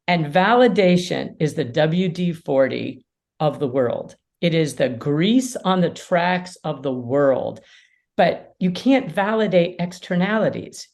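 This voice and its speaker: A woman mediator and lawyer, a podcast guest, explaining ideas in an animated way and acting out quotes. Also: fairly low pitch, vocal fry. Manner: animated storyteller, acts out quotes. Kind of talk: casual conversation.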